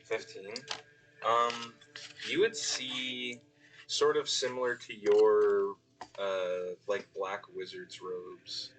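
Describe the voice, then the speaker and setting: A man's voice: fairly low pitch, steady tone, slow pace, fairly bright tone, faint music behind, rough recording. A man narrating a tabletop game as game master, hesitant and full of ums and restarts.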